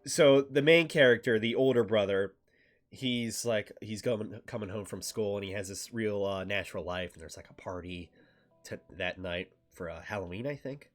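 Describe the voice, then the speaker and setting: A man streaming, recapping a game in loose casual chat, swearing freely and halting with fillers. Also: on the low side, faint music behind.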